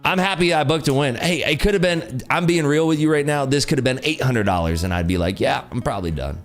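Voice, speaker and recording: Tired, animated male stream host. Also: a little high, fast, faint music behind. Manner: animated, joking, reads chat aloud. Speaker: day-trading livestream host. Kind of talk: casual livestream chat.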